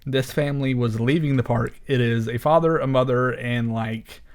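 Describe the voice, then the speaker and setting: A man co-hosting a podcast in casual chat, speaking haltingly with many uhs and restarts. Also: mid-range voice, steady tone. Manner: hesitant, halting delivery with frequent uhs. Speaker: podcast co-host.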